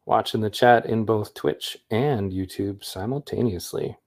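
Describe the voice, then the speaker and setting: A man's voice: fairly low pitch, a little slow, a little mellow. A man hosting a livestream in a rambling, upbeat, chatty way. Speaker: livestream host. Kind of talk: casual livestream chat.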